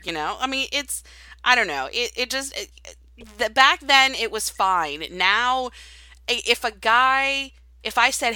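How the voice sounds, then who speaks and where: A woman's voice: fairly high pitch, lively intonation, bright, forceful tone, no echo, poor audio. A woman co-hosting a radio talk show who speaks out and jumps in to interject. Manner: outspoken, quick to interject. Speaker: radio co-host.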